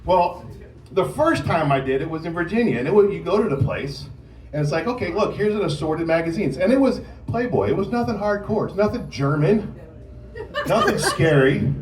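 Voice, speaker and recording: A man in his forties doing a stand-up set at an open mic, telling stories and acting out shouting drill instructors, with the audience laughing. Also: sits high, expressive, moderate pace, distant mic, background noise. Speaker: stand-up comedian. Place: comedy club stage. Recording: roomy club sound from off mic with loud crowd laughter.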